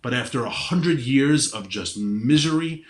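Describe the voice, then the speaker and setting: A man in a mid-range voice makes his case with driving emphasis, restarting his words as he presses his point. He speaks in an animated, conversational way as a podcast guest. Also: mid-range voice, unhurried. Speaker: podcast guest, energy advocate. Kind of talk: impassioned conversational argument.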